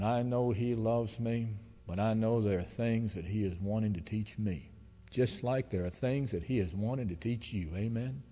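A man preaching a sermon as pastor, telling stories in a folksy, emotional way that swings between loud and hushed. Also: lowish voice. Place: church sanctuary. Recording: long hall reverb.

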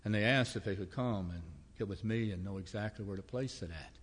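Low-voiced man preaching a folksy sermon. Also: fairly quick, long reverb tail. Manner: folksy storytelling with humor. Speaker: pastor. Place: church sanctuary.

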